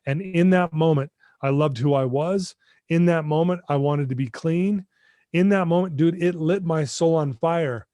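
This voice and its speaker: A middle-aged guest on a podcast interview, who mentors others in addiction recovery, talks straight to the host over a video call, recounting his own recovery in a heartfelt, earnest manner. His fairly high voice has a warm tone and moderate pace, heard in a dry, studio-quality recording.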